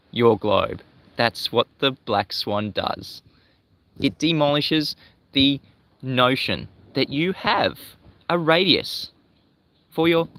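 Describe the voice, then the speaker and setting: A man's voice: medium pitch, a bit bright, no room sound. A man from Australia hosting a livestream, talking in an emphatic, repetitive, combative way. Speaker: livestream host. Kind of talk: livestream commentary.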